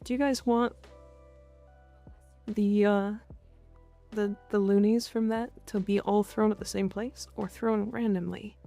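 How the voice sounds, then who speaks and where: A young woman chats with her stream viewers in a playful, easygoing way. Her voice has a gravelly fry and a mellow, warm tone. Soft music plays quietly behind her. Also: medium pitch, steady tone, a little slow, long pauses. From Canada. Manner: playful, reads chat aloud and answers it, growls "rawr" at viewers. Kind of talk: casual live-stream chat.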